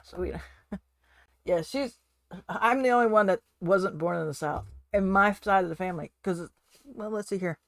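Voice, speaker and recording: A woman chats casually at a home desk as a streamer. She thinks aloud and laughs often. Her voice sits at a middle pitch and sounds dry and close to the mic. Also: moderate pace, creaky, fairly bright tone, dry recording. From California, USA. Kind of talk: casual chat while journaling.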